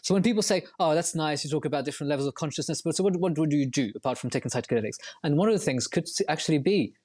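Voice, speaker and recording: As a guest on a podcast interview, a man explains at length in a reflective, winding way, restarting often. His voice is a little high and a little mellow, and he speaks very fast.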